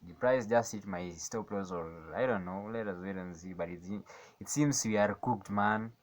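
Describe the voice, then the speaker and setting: A man with a fairly low voice thinks aloud about a trade he is watching. He rambles, repeats himself and doubts his calls. He switches between steady explanation and sudden excited outbursts. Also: normal speed. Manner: rambling, self-questioning, swings between calm analysis and excited outbursts. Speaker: day trader narrating his screen. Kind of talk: casual live commentary.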